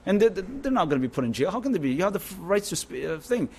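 Male preacher, slightly higher voice, informal sermon to a gathering, repetitive, keeps checking in with listeners. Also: sing-song, fast talker, husky. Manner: repetitive, keeps asking "understand?". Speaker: religious teacher. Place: religious gathering.

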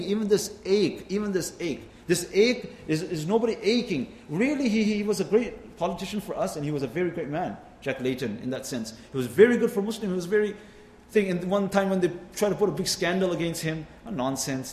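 A man's voice: on the high side, a little mellow, slight background noise. A man preaching a sermon with impassioned, rising and falling delivery, mixing in Arabic phrases. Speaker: Islamic preacher. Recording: echoey hall, faint ambience.

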